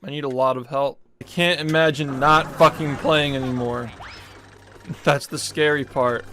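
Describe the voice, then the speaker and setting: A young man streaming a speedrun, ranting angrily at himself with heavy swearing and sudden shouts. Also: fairly high pitch. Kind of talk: angry self-deprecating gaming rant.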